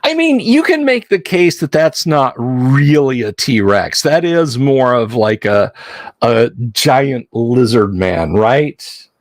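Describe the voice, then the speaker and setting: A man's voice: mid-range voice, big pitch swings, takes it slowly, no room sound. A man hosting a livestream, chatting casually and jokingly with his viewers and rambling between points. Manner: chatty, rambling, jokey, answers chat. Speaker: livestream host.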